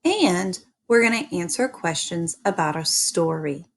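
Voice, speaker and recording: A woman teaching an early-grade reading lesson, speaking slowly and deliberately and repeating little chants for children. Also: on the low side, animated.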